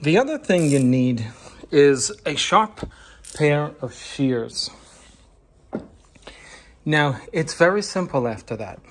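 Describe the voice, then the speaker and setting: A man's voice: on the high side, very animated, slow pace, pauses often, a little hiss or hum. A man who installs wallpaper, hosting his channel and giving a patient, step-by-step how-to tutorial from indoors at a client's home studio, encouraging the viewer as he goes.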